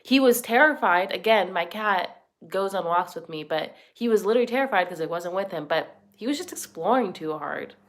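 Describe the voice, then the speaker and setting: A woman's voice: medium pitch, expressive, fairly quick. A young woman hosting a reaction channel, giving blunt, sarcastic and profane casual commentary. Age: young adult.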